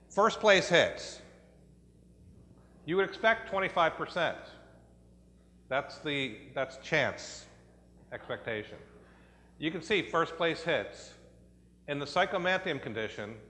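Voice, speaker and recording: A man's voice: mid-range voice, bright, forceful tone. Man presenting research in a reverberant hall. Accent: American. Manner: explanatory, with frequent fillers and restarts. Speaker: conference presenter. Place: conference hall.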